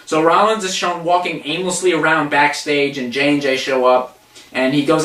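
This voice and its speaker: A man's voice: on the high side, level tone, moderate pace, fairly bright tone. A young man co-hosting a casual wrestling review, sarcastic, profane and mocking as he recaps. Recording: echoey room, distant mic.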